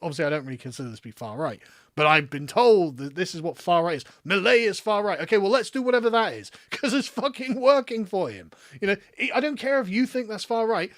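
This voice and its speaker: A man's voice: sits high, animated, fast, fairly bright tone, no echo, clean studio sound. A middle-aged English man hosting a live political stream, sarcastic and exasperated, swearing freely and laughing mid-sentence. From England. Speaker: political commentary host.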